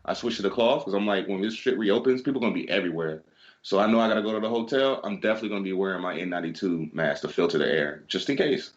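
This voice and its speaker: Fast-talking man telling stories loosely. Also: low voice, lo-fi sound. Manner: animated storyteller, swears freely, acts out exchanges. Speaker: podcast co-host. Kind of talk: casual chat, storytelling.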